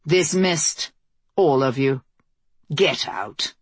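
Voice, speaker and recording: A woman's voice: low voice, expressive, husky, no echo, heavily acted. A woman doing a cold, imperious queen. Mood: curt weary. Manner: cold, commanding, quick to rage. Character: imperious, embittered queen, middle-aged woman.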